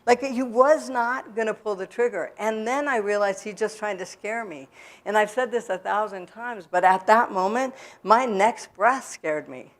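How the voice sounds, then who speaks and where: In a church, a woman gives a personal testimony about her recovery, speaking candidly with many restarts and fillers. Her voice is medium in pitch and her pace moderate.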